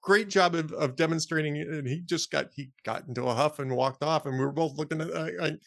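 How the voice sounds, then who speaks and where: A man's voice: on the high side, brisk, gravelly, fairly bright tone, no echo, studio quality. A middle-aged man co-hosting a podcast, telling a story in casual chat and laughing often. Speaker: podcast co-host.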